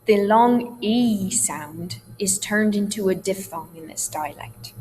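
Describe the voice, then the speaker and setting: A woman's voice: medium pitch, takes it slowly, mellow. A woman theatre teacher giving a recorded dialect lesson, explaining sounds in a patient, reassuring way. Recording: long hall reverb, faint hum.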